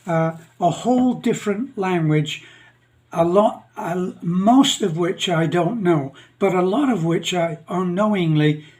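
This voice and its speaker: An older man with a Northern English accent, telling jokes and stories in a rambling, chuckling way with many pauses. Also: high-pitched, darkish tone. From England. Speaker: channel host. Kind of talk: casual storytelling monologue.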